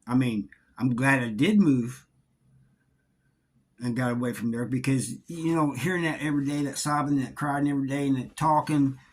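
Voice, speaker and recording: A middle-aged man telling a story from his time in prison in a casual, halting way, often repeating words. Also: medium pitch. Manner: halting, repeats words, drawling Southern-sounding grammar.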